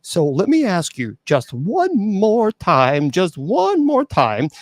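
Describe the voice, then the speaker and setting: A man's voice: sits high, wildly swooping pitch, slow pace, no room sound, studio quality. A man hosting a casual call-in show, teasing and quizzing a caller, stammering and repeating himself. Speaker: host.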